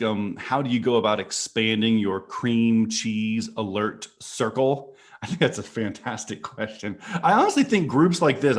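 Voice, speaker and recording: A man speaking as a guest on a casual panel call, earnest and repeating words as he thinks. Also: mid-range voice.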